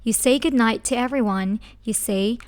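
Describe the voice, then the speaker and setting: A woman teaching a language lesson who speaks slowly and carefully, breaking words into syllables. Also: on the high side, darkish tone. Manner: slow, careful, spells out syllables. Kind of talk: slow scripted lesson.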